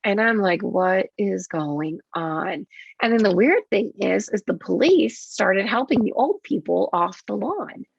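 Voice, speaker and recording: A woman's voice: mid-range voice, lively intonation, gravelly, breathy edge, no echo. A woman nurse being interviewed on a podcast, telling a story casually with lots of swearing and acted-out quotes, on dull lo-fi audio. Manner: swearing, quick and vivid, acts out her own quotes.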